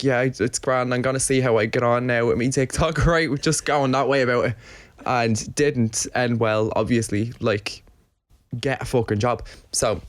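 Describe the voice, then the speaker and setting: A young man with an Irish accent, co-hosting a podcast and telling a story in casual chat, cheeky and quick to swear. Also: mid-range voice. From Ireland. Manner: cheeky, swears freely, laughs through his story. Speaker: podcast co-host.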